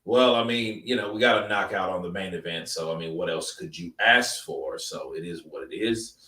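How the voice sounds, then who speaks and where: A man's voice: low-pitched, moderate pace, sharp tone, roomy sound, recorded from a distance. A man hosting a casual live stream, talking in a loose, rambling, slangy way. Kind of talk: casual chat.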